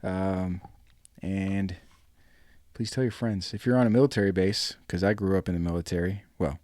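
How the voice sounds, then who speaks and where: A man's voice: low voice, steady tone, normal speed, a little mellow, dry recording, clean studio sound. A man from New England hosting a solo podcast, chatting in a rambling way with lots of fillers. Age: adult, married ten years. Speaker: podcast host. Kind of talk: casual solo podcast chat.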